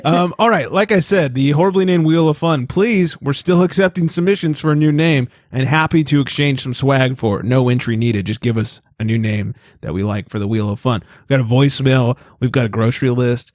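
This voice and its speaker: A man hosting a casual chat show, relaxed and joking as he runs the segments. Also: medium pitch, brisk, hardly any pauses, no echo, clean studio sound. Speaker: podcast host.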